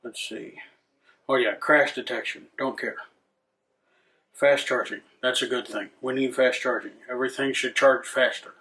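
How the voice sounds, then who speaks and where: A man's voice: mid-range voice, fairly even intonation, moderate pace, sharp tone. A man hosting a rant video, swearing a lot, irritated and sarcastic, with frequent restarts. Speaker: channel host. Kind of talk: ranting commentary.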